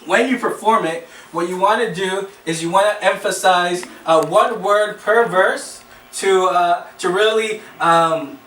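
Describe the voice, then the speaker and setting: A man's voice: sits high, a little slow, a bit bright, slight background noise. A man giving a classroom speech, hesitant, with many fillers and restarts. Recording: echoey room, mic at a distance.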